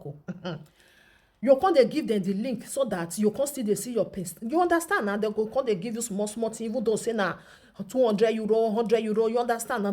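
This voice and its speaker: Animated Nigerian woman gossip vlogger. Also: on the high side, slightly rough. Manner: animated, laughs often, chatty and teasing. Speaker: social media commentator. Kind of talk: gossip commentary vlog.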